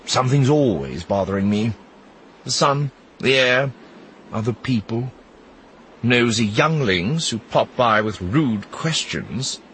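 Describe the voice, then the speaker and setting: A man's voice: medium pitch, animated, slow, fairly bright tone, a little hiss or hum, pitched above the performer's own voice, rough recording. A man voicing a weary, cynical ex-Imperial man who talks in a dry, sarcastic and theatrical way. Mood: sardonic.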